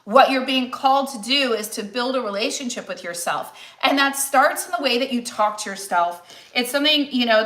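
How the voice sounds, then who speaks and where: A woman in her forties with a bright, fairly high voice talks in a chatty, encouraging coaching tone, often restarting her sentences. She speaks casually as a nutritionist on a cooking livestream. Her voice carries the echo of a home kitchen. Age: 40s. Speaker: nutritionist and weight loss coach.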